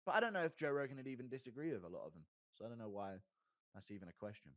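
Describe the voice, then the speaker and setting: A man hosting a livestream, talking casually with viewers in a rambling, profane, increasingly excited way. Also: mid-range voice, very fast, no room sound, studio quality. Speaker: livestream host reading donations.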